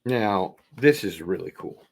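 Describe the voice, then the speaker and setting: A man with a low, gravelly voice full of fry hosts a laid-back unboxing stream. He talks slowly and meanders while opening packages, drawing out his words and chatting to his audience as he goes. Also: expressive, slight background noise. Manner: rambling, drawn-out, talks things over while opening packages. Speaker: vinyl record unboxing host. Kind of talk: casual livestream unboxing chat.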